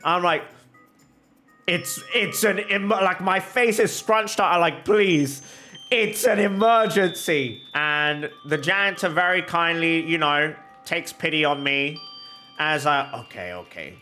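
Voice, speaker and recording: A young man chatting while he plays, spinning an embarrassing anecdote with big comic exaggeration. His voice sits a bit high and comes across bright and forceful. Faint music plays underneath. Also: measured pace. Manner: animated, exaggerated comic storytelling. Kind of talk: casual storytelling while gaming.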